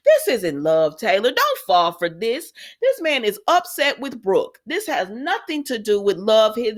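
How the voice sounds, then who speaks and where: A woman's voice: medium pitch, fairly bright tone. A woman recapping a soap opera in casual chat, sassy and talking back to the characters.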